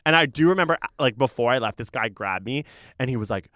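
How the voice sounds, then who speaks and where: Fast, lively young man telling a story. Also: no room sound, studio quality. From Canada. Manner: animated storyteller, acts out quotes in high voices. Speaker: podcast co-host. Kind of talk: casual storytelling chat.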